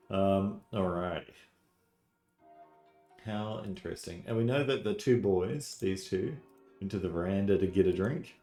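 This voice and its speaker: A man streaming a mystery game, reading the text aloud with relaxed asides. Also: low-pitched, a little slow, pauses often, echoey room, soft background music. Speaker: gaming streamer.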